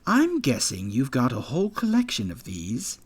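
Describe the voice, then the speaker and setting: A man voicing an elderly, genteel male rat doctor who speaks in a slow, friendly and knowing way. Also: medium pitch, wildly swooping pitch, husky. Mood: kindly.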